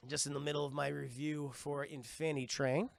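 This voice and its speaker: A male streamer recapping a cartoon for his chat in a loose, excitable way, repeating words and swearing freely. His voice is a bit high for a man, bright and gravelly, recorded close and dry. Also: fairly quick, no room sound. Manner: animated and profane, repeats words. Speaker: streamer and reviewer. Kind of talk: casual live-stream commentary.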